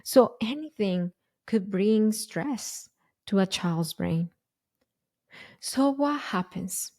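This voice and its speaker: A woman hosting a parenting podcast, explaining in an earnest, deliberate way with frequent restarts. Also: mid-range voice, lively intonation, darkish tone. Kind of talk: conversational explanation.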